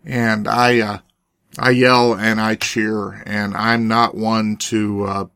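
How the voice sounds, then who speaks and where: A man hosting a Christian talk podcast, his voice hoarse and raspy from cheering, talking in a folksy, earnest way with frequent restarts. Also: lowish voice, little pitch movement, slow, fairly bright tone, no echo, studio quality. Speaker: podcast host and preacher. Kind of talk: casual chat.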